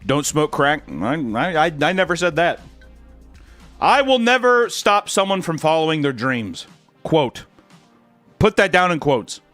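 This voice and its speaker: A man's voice: on the high side, sing-song, a little slow, fairly bright tone, no echo, faint music behind. A young man streaming, reading out fan messages in a crude, joking, sarcastic casual chat.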